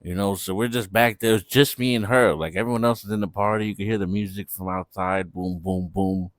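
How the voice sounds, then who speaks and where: A man's voice: lowish voice, steady tone, a little fast, no echo. A young man telling a party story in a laid-back, slangy way. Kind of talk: casual storytime vlog.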